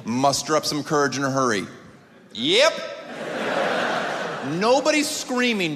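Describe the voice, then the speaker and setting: A man in his thirties works a theater crowd in a sarcastic, incredulous stand-up style, his voice sitting a bit high. His voice rings with a long reverb off the hall. Clear room noise from the audience sits under him. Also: expressive, moderate pace. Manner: sarcastic, incredulous, with sudden pitch jumps into mock voices. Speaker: stand-up comedian. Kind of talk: stand-up set. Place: large theater stage before a live audience.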